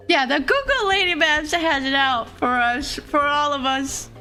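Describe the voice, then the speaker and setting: A woman's voice: high-pitched, a little slow, sharp tone, faint music behind. A young woman streamer chatting casually and rambling, laughing often as she talks. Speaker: vtuber streamer. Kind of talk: casual chat.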